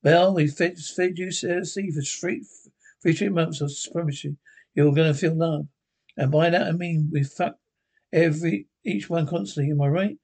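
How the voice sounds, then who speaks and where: An actor playing a smooth-talking male hippie cult leader in an animated series, with a laid-back drawl, calling everyone man and brother. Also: fairly high pitch, normal speed. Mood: persuasive.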